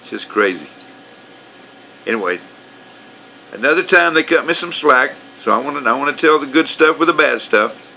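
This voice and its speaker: A man's voice: medium pitch, lively intonation, normal speed, creaky, long pauses, bright, forceful tone, slight background noise, poor audio. A man telling his grievances in a rambling, profane, aggrieved way, as casual storytelling. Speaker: vlogger telling his own complaints.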